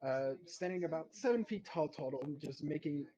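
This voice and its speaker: A man's voice: on the high side, lively intonation, normal speed, dark tone, dull audio. A man narrating a tabletop game as game master, loose and casual with many fillers.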